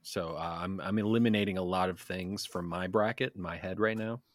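A man's voice: deep voice, fairly even intonation, brisk. A man in a casual chat with friends, joking around and laughing often.

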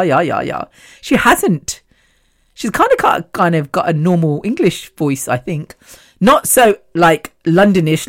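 A woman hosting her own podcast in a casual, rambling solo chat, laughing often between thoughts. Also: lowish voice. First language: Punjabi. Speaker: podcast host.

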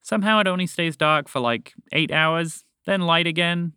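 A man's voice: on the high side, moderate pace, sharp tone, clean tone, dry recording, studio quality, pitched above the performer's own voice. A man reading a storybook aloud and voicing a cheerful, knowing mother who answers in a breezy, playfully vague way. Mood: amused.

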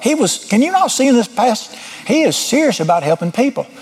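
A man's voice: extremely high pitch, very animated, a little fast, a little mellow. A middle-aged man preaching an informal sermon, folksy and blunt, with sudden emphatic rises.

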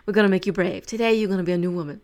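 A woman voicing an excited, flamboyant male waterfall guide who cheerfully rallies his group. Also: mid-range voice, very fast, natural voice. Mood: rousing. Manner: upbeat, cheerfully commanding.

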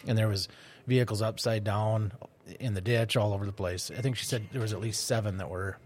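A man's voice: on the low side, steady tone, brisk, a little mellow, slight background noise. A man with an Upper Midwest American accent, telling a joke in a casual studio chat, cursing freely. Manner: loose storyteller, cursing, doing character voices. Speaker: podcast co-host.

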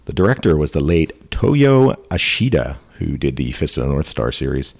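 A man hosting a casual review podcast, joking and reading notes quickly. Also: very deep voice, big pitch swings, gravelly, a little mellow. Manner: jokey, reads notes quickly. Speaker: podcast host.

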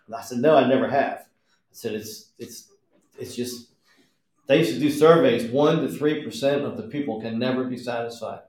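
In a casual podcast conversation with a roomy echo, a man recounts stories from his working life in a plain, straightforward way, acting out the quoted dialogue. His medium-pitched voice is a little mellow and moves at a normal speed.

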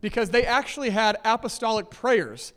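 A man's voice: high-pitched, animated, moderate pace, fairly bright tone, long reverb tail. A man preaching a sermon in a conversational way, checking in with listeners often and laughing lightly between points. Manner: conversational, many "okay?" and "right?" checks. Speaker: pastor. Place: church sanctuary with long reverb.

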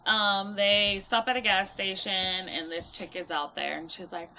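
A woman's voice: mid-range voice, fairly even intonation, measured pace, few pauses, sharp tone, slight background noise. A young woman telling a hitchhiker ghost story to friends, swearing freely and acting out what each character says. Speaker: storyteller in group chat. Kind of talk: casual group storytelling, true-or-fake game.

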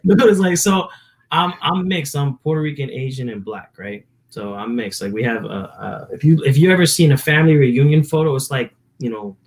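A man's voice: mid-range voice, brisk. A young man from New Jersey, a musician guest chatting casually on a podcast, telling stories in a rambling way full of fillers. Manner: rambling, filler-heavy storytelling.

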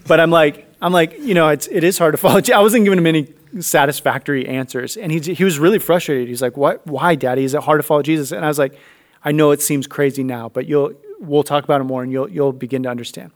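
A man's voice: fairly high pitch, fast talker. A man in his thirties telling a family story in a faith conversation, acting out the voices in it. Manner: animated storyteller acting out dialogue.

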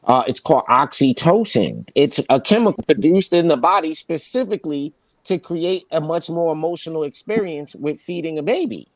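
A man's voice: on the high side, expressive, moderate pace, no room sound. A man hosting a casual podcast chat, often tagging his points with "right?" and restarting sentences. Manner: peppers talk with "right?" tags, restarts. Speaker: podcast host.

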